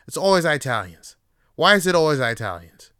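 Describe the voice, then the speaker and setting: A man hosting his own show, giving a rambling comic monologue full of swearing and deadpan asides. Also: fairly high pitch, brisk, clean tone, dry recording, clean studio sound. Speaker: podcast host and comedian. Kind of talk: casual comedic monologue.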